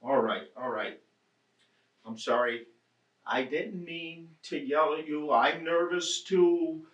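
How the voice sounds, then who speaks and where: An actor playing an irritable, nervous husband after a burglary, blustering, swearing and ranting in a stage play. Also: male voice, high-pitched, animated, measured pace, pushed and bright, heavily acted. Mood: agitated. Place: theatre stage. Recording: roomy stage sound from a distant mic.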